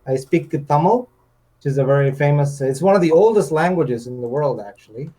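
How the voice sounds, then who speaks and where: A man's voice: fairly high pitch, animated, fairly quick, dark tone, poor audio. A man in his thirties from India, a guest on a livestream, talking hesitantly with many fillers and easy laughs. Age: 30s. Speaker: debate guest. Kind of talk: casual livestream chat.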